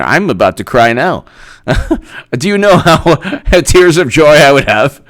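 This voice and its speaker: A man's voice: medium pitch, sing-song, normal speed, fairly bright tone. A man hosting casual political commentary, reading an article aloud and reacting with sarcastic laughs. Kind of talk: casual live-stream commentary.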